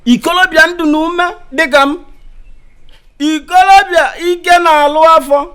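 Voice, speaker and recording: A man playing a squeaky bragging village charmer. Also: steady tone, measured pace, a bit bright. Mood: coaxing. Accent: Nigerian. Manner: smooth-talking, coaxing, repeats "baby". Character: boastful village man bragging of American riches. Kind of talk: Nollywood comedy acting.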